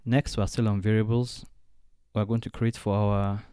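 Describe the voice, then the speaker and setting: A man walking through a design software tutorial step by step, thinking aloud as he clicks along. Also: fairly low pitch, flat delivery, normal speed, clear, resonant tone, no room sound, studio quality. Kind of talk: screen-recorded software tutorial.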